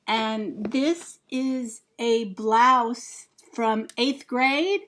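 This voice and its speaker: A woman with a fairly high voice hosts a casual tips vlog. Her delivery is friendly and plain-spoken, the tone of someone sharing practical advice with viewers, with the odd "um" along the way. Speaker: home organizing vlogger.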